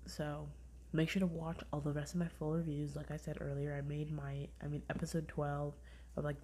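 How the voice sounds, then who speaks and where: Brisk and low-pitched, this young podcast host talks over a little hiss or hum. Her casual review chat wanders, filled with "like," animated retelling, and frequent half-whispers.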